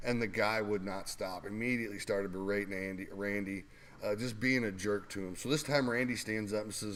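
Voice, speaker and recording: Male guest, lower pitch, loose anecdotal delivery full of ums and laughs. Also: brisk, a bit bright. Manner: rambling, laughing anecdotes with fillers. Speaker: guest co-host telling wrestling stories. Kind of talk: casual storytelling.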